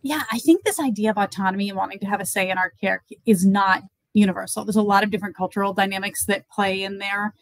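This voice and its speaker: A woman's voice: medium pitch, quick pace, few pauses, dry recording, rough recording. A woman guest on an interview show, explaining end-of-life conversations through examples in a thoughtful, conversational way with some fillers.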